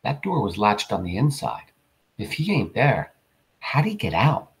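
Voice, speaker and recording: Man doing a muttering drunk buddy, rough rural drawl, uneasy, low voice, audiobook. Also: big pitch swings, measured pace. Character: uneasy drunken middle-aged male drinking buddy. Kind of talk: audiobook character voice.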